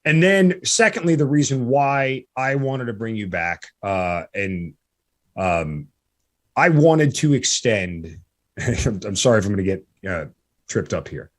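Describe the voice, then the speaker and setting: A man's voice: on the low side, a little slow. A middle-aged man hosting a podcast interview, talking casually and with feeling, stopping and restarting often with many fillers. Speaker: podcast host.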